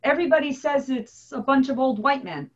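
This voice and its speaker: A woman's voice: sits high, animated, brisk, crowd noise. A woman hosting an interview podcast, enthusiastic and conversational. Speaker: podcast host. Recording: dull lo-fi recording.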